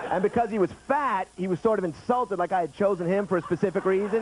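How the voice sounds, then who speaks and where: Few pauses break up this high-sitting, quick male voice. The speaker is a stand-up comedian in his thirties on a late-night TV studio stage with an audience, chatting and mimicking other people's lines, heard through noisy 1990s broadcast audio.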